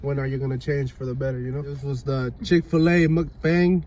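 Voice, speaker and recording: A man's voice: mid-range voice, flat delivery, fairly quick, a little mellow, rough recording. A young man chatting casually on a couple's vlog, laid-back and leaning on "you know?" after nearly every thought. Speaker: vlogger. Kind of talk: casual chat. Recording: light background noise.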